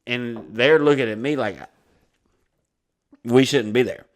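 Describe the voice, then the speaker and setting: A man's voice: medium pitch, a little slow. A young man hosting a podcast, telling a rambling, profane story and admitting he is a bit drunk. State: slightly drunk. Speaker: podcast host, comedian. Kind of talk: casual chat, storytelling.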